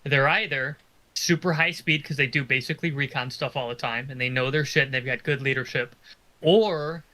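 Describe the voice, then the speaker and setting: A man's voice: medium pitch, moderate pace, bright, forceful tone. A man joining a podcast as a guest over a remote internet call, chatting casually and swearing freely. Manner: casual, profane, laid-back chat. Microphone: remote call over home internet.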